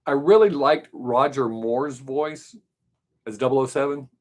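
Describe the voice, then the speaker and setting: A man's voice: mid-range voice, fairly even intonation, unhurried. A man with a mild Southern US accent hosting a live stream, chatting casually with viewers in a loose, rambling way. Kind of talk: casual chat answering viewers.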